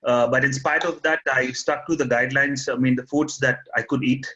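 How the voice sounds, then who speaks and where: A man in his forties with an Indian accent calls in and asks his question hesitantly, with many fillers and restarts. His voice is bright and forceful, heard through dull, lo-fi call audio. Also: medium pitch, steady tone, a little fast. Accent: Indian English. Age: 40s. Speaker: caller. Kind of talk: casual question on a video call. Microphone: video call.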